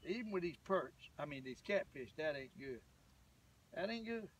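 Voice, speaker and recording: This older Southern US fishing vlogger has a voice on the high side, animated and slightly rough, at a normal pace. He rambles casually and folksily to viewers from a boat on a lake, recorded on a distant mic with faint outdoor ambience.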